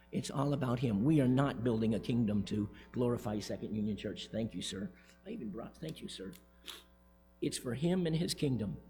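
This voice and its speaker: Speaking from the pulpit of a church sanctuary, a pastor with a mid-range, darkish voice preaches emphatically, joking and repeating his key points. Long church reverb and faint music fill the recording.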